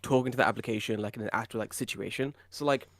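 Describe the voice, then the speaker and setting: Sweary British podcast host. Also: male voice, lowish voice, fast talker, vocal fry, no room sound. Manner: swears a lot, animated storytelling. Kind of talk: casual podcast chat.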